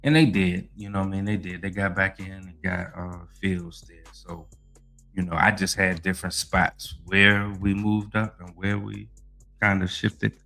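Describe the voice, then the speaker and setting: A man with a lowish voice hosts a laid-back sports podcast, ranting with lots of cursing. He keeps tossing in "you know what I mean" as he talks. Soft music plays faintly behind him. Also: moderate pace, vocal fry. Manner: animated, profane, heavy use of "you know what I mean". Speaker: podcast host. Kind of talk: casual sports podcast talk and rant.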